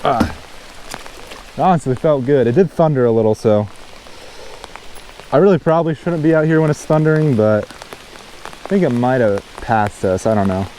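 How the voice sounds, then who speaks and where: A man with a drawl narrates his fishing trip in a mellow, darker-toned voice at an ordinary pitch. He sounds casual and chatty, and he lifts with real excitement whenever a fish bites. Rain patters on the pond's surface around him. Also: normal speed, long pauses, slight background noise. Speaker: fishing channel host. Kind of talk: casual outdoor vlog narration. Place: outdoors by a mountain pond, in rain.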